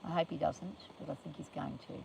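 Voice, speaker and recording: A woman's voice: sits low, fairly even intonation, fairly quick, creaky, heavy background noise. Chatty older woman outdoors. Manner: chatty, rambling, scolds animals playfully. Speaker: farm vlogger, livestreamer. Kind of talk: casual livestream chat. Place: outdoors on a farm.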